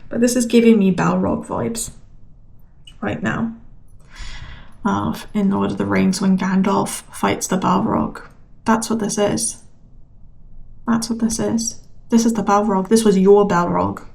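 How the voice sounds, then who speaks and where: A woman's voice: medium pitch, steady tone, unhurried, gravelly, long pauses, darkish tone. Emphatic woman giving a tarot reading. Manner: emphatic, repetitive, encouraging. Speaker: tarot reader. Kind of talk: collective tarot reading to camera.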